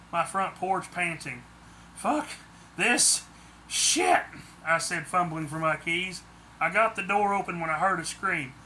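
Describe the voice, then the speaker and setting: A man's voice: high voice, bright, forceful tone, slight background noise. A man reading a first-person story aloud, plain delivery with some stumbles and restarts. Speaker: audiobook narrator.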